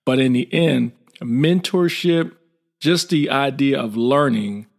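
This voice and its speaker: A gravelly-voiced middle-aged man shares an army story in a blunt, informal way. He keeps the telling lively and slips into the voices of the people in it. His pitch sits in a middling range. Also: takes it slowly. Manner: lively, acts out quoted dialogue. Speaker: military veteran guest. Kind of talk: casual storytelling.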